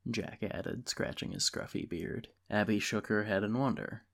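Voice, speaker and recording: A man reading a novel aloud as narrator, in a steady, measured way. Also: lowish voice. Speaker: audiobook reader. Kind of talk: scripted narration.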